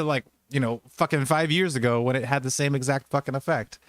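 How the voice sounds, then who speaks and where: Brief: man, mid pitch, heated profane rambling rant, dry close mic. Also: brisk, fairly bright tone, no echo. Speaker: podcast host. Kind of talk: casual political chat.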